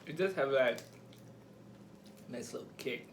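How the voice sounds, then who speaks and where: A man's voice: mid-range voice, measured pace, noisy background. A man co-hosting a mukbang with his partner, talking casually and hesitantly with many ums. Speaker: co-host partner. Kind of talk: casual chat while eating.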